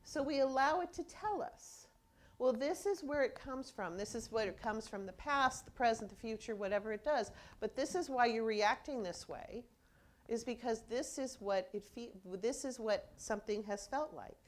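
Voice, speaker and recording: A woman's voice: on the high side, expressive, normal speed. A woman minister preaching a conversational sermon, telling stories and acting out people's reactions as she goes.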